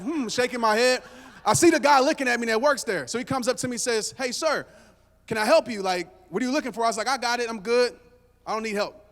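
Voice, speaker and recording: Man doing a motivational talk on stage, chatty and joking with the crowd, pretty high voice. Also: vocal fry, a bit bright. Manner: casual storytelling, jokes with the crowd. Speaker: motivational speaker. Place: stage before a live audience. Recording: long hall reverb.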